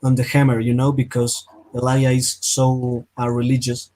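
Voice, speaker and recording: A man playing in a tabletop roleplaying game, telling what his character does in excited, halting bursts. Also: mid-range voice, low-quality recording. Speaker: player.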